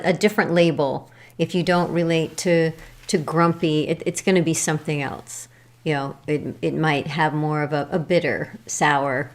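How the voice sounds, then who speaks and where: A woman co-hosting a podcast, talking casually and thoughtfully, pausing to search for words. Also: on the low side. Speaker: podcast co-host. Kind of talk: casual chat.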